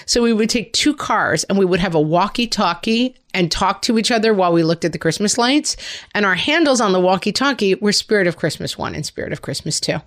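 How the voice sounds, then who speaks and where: A woman co-hosting a casual chat, telling playful stories about family holiday traditions. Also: brisk. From Irish heritage, family in North America. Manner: animated, playful storyteller with big pitch swings.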